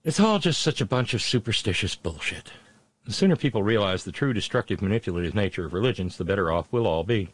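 A man's voice: lowish voice, animated, quick pace, husky, dry recording. A male talk show host reading out listener messages and commenting on them in a conversational way, with many filler sounds and blunt, sardonic remarks.

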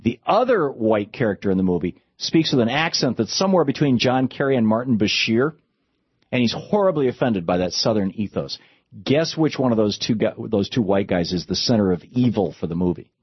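A man's voice: fairly low pitch, animated, fairly quick, slightly rough, no room sound. A man delivering a political commentary monologue, impassioned and with sarcastic asides. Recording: dull lo-fi dry recording.

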